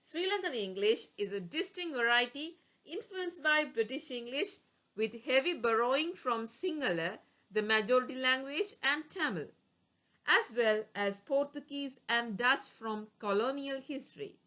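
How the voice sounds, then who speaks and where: A woman teaching vocabulary in a bright, fairly high voice that rises and falls a lot. She works through word lists one by one, giving a short explanation and an example for each. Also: lively intonation, measured pace. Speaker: English teacher. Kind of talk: reading a vocabulary lesson.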